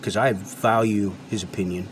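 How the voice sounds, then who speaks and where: A man's voice: on the low side, steady tone, moderate pace, a little hiss or hum. A man hosting his own channel, lecturing his viewers in an unscripted rant. He is emphatic and repeats himself, and he swears freely. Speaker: channel host and product reviewer. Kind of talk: unscripted ranting monologue.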